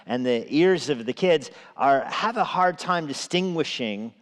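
A man's voice: a little high, expressive, measured pace. Man preaching in a reverberant hall. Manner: conversational preaching with asides and chuckles. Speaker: pastor. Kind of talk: evening sermon. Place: church sanctuary. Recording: long reverb of a large hall.

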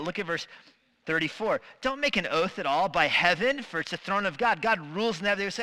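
Bright-voiced male preacher in a reverberant hall. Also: high-pitched, a little fast. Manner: animated, acts out quoted voices. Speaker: pastor. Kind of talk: sermon. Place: church sanctuary.

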